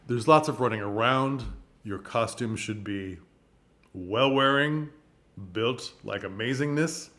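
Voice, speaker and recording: A man's voice: mid-range voice, slow, a bit bright. A man talking casually to camera as a theater commentator, chatty and chuckling between points.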